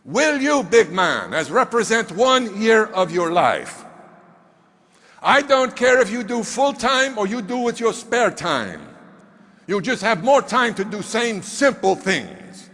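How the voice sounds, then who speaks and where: A man's voice: high-pitched, sing-song, slow pace, fairly bright tone, voice pushed up, heavily acted. A man voicing a small, blunt male business mentor who speaks in broken English and presses the same question over and over. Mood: insistent. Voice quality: broken English, insistent repetition. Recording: reverberant hall.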